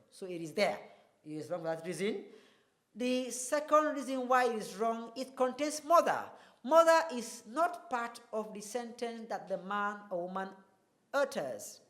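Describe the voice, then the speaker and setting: A woman's voice: mid-range voice, fairly bright tone. Emphatic woman teaching. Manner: emphatic, repeats example sentences slowly, asks rhetorical questions. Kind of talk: classroom lesson on English stress.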